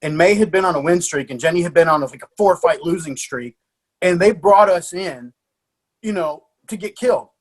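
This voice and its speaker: Coach guest, male, higher-pitched, animated and laughing through his stories. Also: moderate pace. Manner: lively anecdotes with frequent laughs and fillers. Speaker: martial arts coach. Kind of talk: animated storytelling in a podcast interview.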